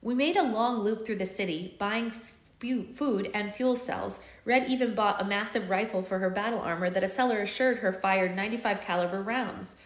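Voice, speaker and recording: Woman book club host, casual read-aloud, live-stream chat, roomy echo. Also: medium pitch. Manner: chatty, casual asides while reading. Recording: echoey room.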